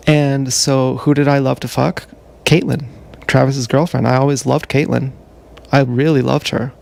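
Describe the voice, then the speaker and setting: A man on a livestream telling a rambling, profane confessional story, halting often with fillers, recorded on an action camera. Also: mid-range voice, flat delivery, creaky, darkish tone.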